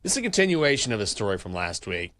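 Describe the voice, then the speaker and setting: A man's voice: lowish voice, very animated, fast talker, fairly bright tone, dry recording. A man co-hosting a show, telling a wry story in casual chat and acting out both sides of the conversation. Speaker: co-host. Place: studio.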